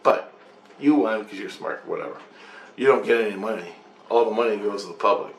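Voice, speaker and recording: A man's voice: lowish voice, fairly quick, a little hiss or hum. A man vlogging, telling a dream story in a loose, profane, meandering way. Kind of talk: rambling casual storytelling. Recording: echoey room with faint ambience.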